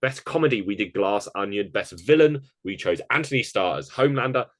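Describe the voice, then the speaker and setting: A man with a fairly low voice co-hosts a relaxed podcast, rattling through award picks in quick lists. The sound is dry and close. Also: no echo. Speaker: podcast co-host. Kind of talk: casual chat.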